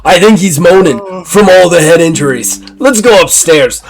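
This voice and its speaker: A man voicing a jovial pirate smooth talker in a tabletop game, brisk and eager. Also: a little high, expressive, crowd noise. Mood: placating.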